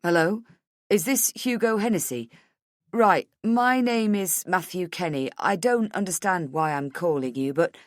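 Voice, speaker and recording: A woman plays a frightened young husband on the verge of tears, his words halting and soft as he pleads. It is an audiobook reading in a dry, close recording. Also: fairly low pitch, dry recording, natural voice. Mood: puzzled.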